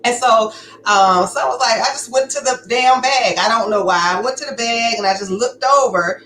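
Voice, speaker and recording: A woman's voice: on the high side, normal speed, fairly bright tone. A woman giving a candid personal testimony, talking in a conversational, emphatic way. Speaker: storyteller sharing her survival story. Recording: echoey room with faint background noise.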